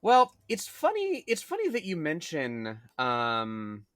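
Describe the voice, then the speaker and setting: Lively, sarcastic male co-host. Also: fairly high pitch, slow pace, no echo. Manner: dry, dark sarcastic humor. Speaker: podcast co-host. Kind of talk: casual chat.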